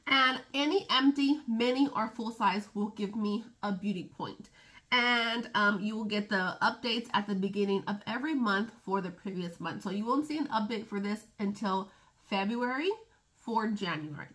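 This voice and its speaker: A woman's voice: medium pitch, sharp tone. A woman beauty vlogger chatting casually to camera, rambling and laughing at her own stumbles.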